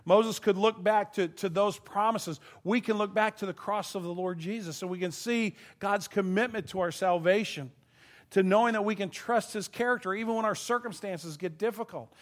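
A man with a slightly high voice delivers a sermon from the pulpit. He speaks with earnest feeling and laughs easily. When moved, his voice grows thin and quiet. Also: moderate pace. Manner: earnest, emotional, given to laughing and choking up. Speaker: pastor.

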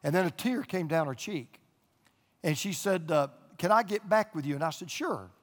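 A man's voice: fairly high pitch, animated, normal speed. Older male preacher in a reverberant hall. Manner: folksy storytelling preacher, emphatic repetition. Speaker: pastor. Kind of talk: sermon. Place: church auditorium with a live and online audience.

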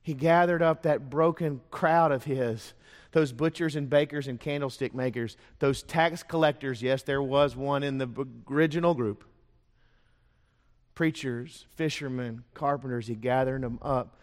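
A man preaching a sermon, telling stories, firing off rhetorical questions and dropping to a hush for emphasis. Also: medium pitch, a little slow. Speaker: pastor. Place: church sanctuary. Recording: long church hall reverb.

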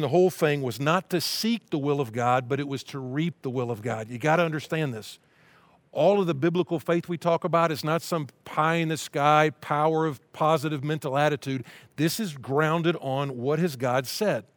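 A man's voice: a little high, no room sound. A man preaching a sermon in a conversational, emphatic way, often repeating his key phrases. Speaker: pastor.

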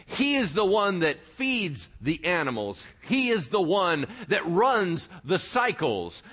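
A man preaching a sermon in a lively, joking way, often asking the congregation whether they follow him. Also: high voice, slow pace, slightly rough. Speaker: pastor.

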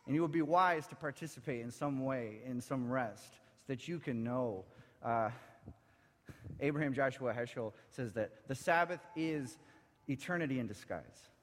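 A man preaching a sermon, impassioned, swinging from near-shouts down to low, quiet lines. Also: moderate pace. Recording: echoey hall with faint music.

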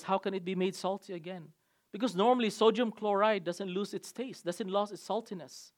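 Pastor, male, high voice, preaching a sermon with emphatic bursts that drop to quiet asides. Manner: emphatic preaching with sudden swings in loudness.

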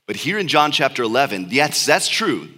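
A man preaching a sermon. He reads Bible verses aloud and then explains them, with sudden rises of emphasis. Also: mid-range voice. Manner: reads scripture aloud slowly, then explains in lively speech.

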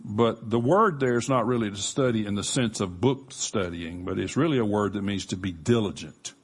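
A man preaching a sermon as pastor, earnest and emphatic, with measured pauses. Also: on the low side, breathy edge.

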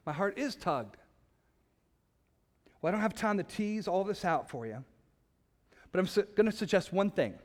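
A man preaching a sermon as a pastor, emphatic, with dramatic pauses. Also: sits high, lively intonation, in a large hall.

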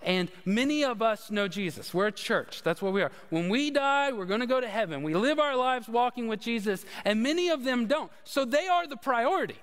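A man's voice: very high-pitched, expressive, moderate pace, hardly any pauses, a bit bright, clean tone, long reverb tail. A man, a pastor preaching a conversational sermon with humorous stories. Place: church sanctuary.

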